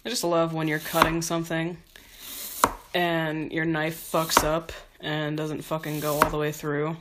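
A woman's voice: low voice, completely flat delivery, unhurried. A woman chatting casually while she cooks at home, rambling and swearing with self-mocking humor. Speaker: home cook. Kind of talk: casual chat while cooking. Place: home kitchen. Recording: kitchen noise with knife chopping.

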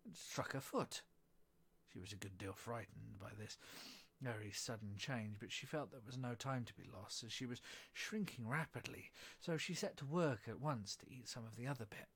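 Male narrator, husky, measured storybook reading. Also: mid-range voice, fairly bright tone. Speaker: reader.

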